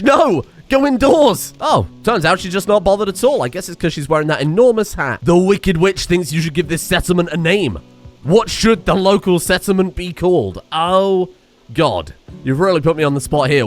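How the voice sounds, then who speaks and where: Excitable man narrating a game. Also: on the high side. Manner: excitable, sarcastic, scolds game characters. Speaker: streamer. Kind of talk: game commentary.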